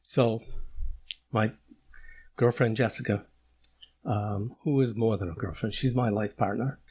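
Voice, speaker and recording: A man's voice: lowish voice, steady tone, darkish tone, breathy edge. A man hosting a casual podcast chat, talking with emotion and restarting his sentences often. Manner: emotional, halting, many restarts. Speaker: podcast host.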